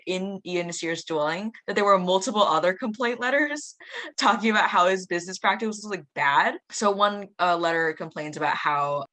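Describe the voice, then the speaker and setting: A woman's voice: fairly low pitch, fairly bright tone. A teenage girl hosting a casual podcast, rambling and giggling often. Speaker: podcast host. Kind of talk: casual chat.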